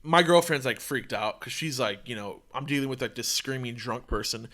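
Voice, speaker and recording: A young man hosting a podcast, telling a story in a casual, profane, animated way. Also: mid-range voice, moderate pace. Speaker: podcast host.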